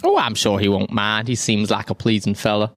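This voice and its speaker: A man's voice: lowish voice, fairly even intonation, brisk, a bit bright, no echo, studio quality. A man voicing a friendly talking scimitar that was once human, with a genial Southern American drawl and a joking manner. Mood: cheerful, boastful. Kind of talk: improvised tabletop role-play.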